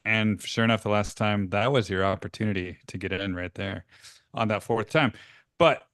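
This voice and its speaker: A man with a lowish, smooth and clear voice walks through a stock chart over a video call. He sounds laid-back and casual, tossing in "right?" as he goes. The sound is dry and close, with almost no room around it. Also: moderate pace, a bit bright, no echo. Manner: laid-back, laughs easily, says "right?" often.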